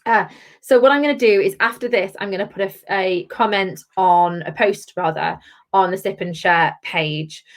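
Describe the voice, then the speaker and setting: A woman's voice: mid-range voice, moderate pace. A woman hosts a live-stream drinks review from her home, picked up on a laptop or webcam mic. She talks in a gushing, chatty way. She keeps calling out to her viewers by name as she goes. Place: at home, with her children wandering in.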